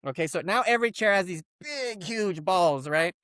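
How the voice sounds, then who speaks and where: A man co-hosting a comedy podcast, telling a long story in an animated, rambling, profane way. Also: sits high, normal speed, no room sound, clean studio sound. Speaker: podcast co-host.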